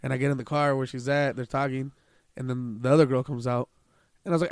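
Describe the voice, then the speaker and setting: Fast-talking young man telling crude stories. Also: medium pitch, fairly even intonation, no echo, clean studio sound. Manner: profane, quotes himself and others in rapid retellings. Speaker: podcast co-host. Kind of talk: casual crude storytelling.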